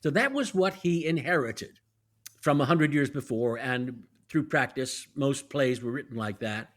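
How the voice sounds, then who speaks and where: A man's voice: mid-range voice, unhurried. A man who is a guest actor and professor, explaining verse in a teacherly way, step by step, in a podcast conversation. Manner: teacherly, lively, walks through examples step by step.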